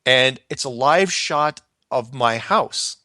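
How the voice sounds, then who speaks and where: A middle-aged man casually telling a story from his past, animated and acting out other people's lines. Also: medium pitch, slow pace, no echo. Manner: animated, acts out quoted voices, laughs often.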